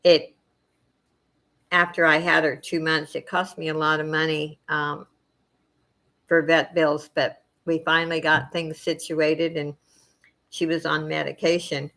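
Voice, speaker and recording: A middle-aged woman hosting a casual chat with her viewers, soft-spoken and emotional, wandering from thought to thought with many fillers. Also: low voice, flat delivery, unhurried, pauses often. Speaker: channel host chatting with viewers.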